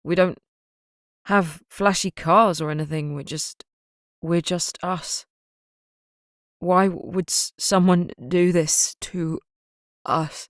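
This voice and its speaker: Woman narrator doing a shattered father in an audiobook who stammers and halts, his voice low-pitched and slow. Heard in a dry, close recording. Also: steady tone, dry recording. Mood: dazed, halting. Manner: halting, stammering, broken speech. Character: grief-stricken father in his forties, dazed and shaken.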